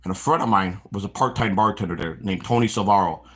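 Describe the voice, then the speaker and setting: A middle-aged man from the Chicago area with a husky, slightly rough voice rattles off stories at a quick clip. He hosts a walk-and-talk stream outdoors, restarting sentences often and slipping into the voices of the people in his tales. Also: on the low side. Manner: animated storyteller, acts out quoted voices, frequent restarts. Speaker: stream host.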